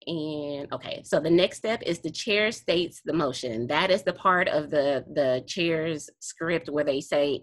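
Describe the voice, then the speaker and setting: A woman's voice: sits low, a little slow, hardly any pauses, no room sound. A woman explaining meeting procedure to a study group over a video call, laughing often and correcting herself as she goes. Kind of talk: online teaching session.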